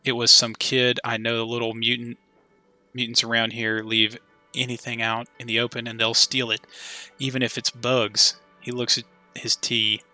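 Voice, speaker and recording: A man voicing a grumpy, evasive middle-aged man with a dismissive, hurried way of talking. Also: mid-range voice, monotone, pushed and bright, soft background music.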